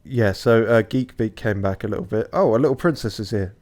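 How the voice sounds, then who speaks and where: A man's voice: on the low side, brisk, a little mellow. A tired young man chatting casually as he streams a video game, swearing now and then in a loose, unpolished way. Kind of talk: casual commentary.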